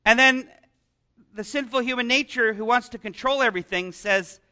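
Male pastor, high and bright, conversational sermon delivery with questions to the congregation. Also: moderate pace.

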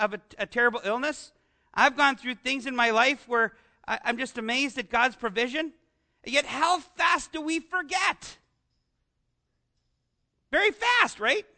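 A man preaching a conversational sermon into an amplified microphone, animated and often asking his congregation rhetorical questions. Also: very high voice, measured pace, long pauses. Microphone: amplified microphone with some feedback.

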